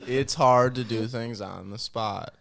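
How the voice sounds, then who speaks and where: A man's voice: mid-range voice, measured pace, vocal fry, fairly bright tone. Podcast co-host, male, New York accent, loose and jokey. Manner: joking, tries silly accents. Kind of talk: casual chat.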